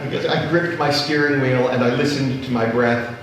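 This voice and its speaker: A man's voice: mid-range voice, fairly even intonation, normal speed. A middle-aged man doing stand-up storytelling on a live stage, with a dry, wry, self-deprecating delivery. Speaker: stand-up comedian. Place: live comedy stage with audience. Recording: very echoey room, distant mic, faint noise.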